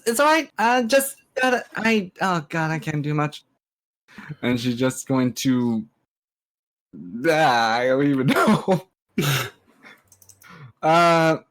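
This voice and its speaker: A woman playing a tabletop role-playing game, talking haltingly with laughs. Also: a bass voice. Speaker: player.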